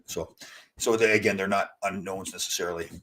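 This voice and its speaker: On his casual live stream, a man in his sixties reads viewer comments and replies with meandering stories. His voice is low, steady and fairly bright, moving fairly quickly, with a little hiss or hum in the audio.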